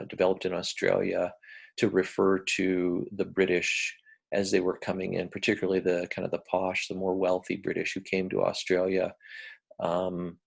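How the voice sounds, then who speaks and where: Man, lecturer, husky, deep voice, measured with fillers. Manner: measured, with frequent fillers and restarts. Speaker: university English professor.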